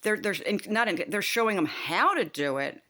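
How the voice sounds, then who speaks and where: A woman's voice: medium pitch, expressive, moderate pace, bright, forceful tone. An older woman ranting to camera in a heated, profane, rambling vlog monologue. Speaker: vlogger.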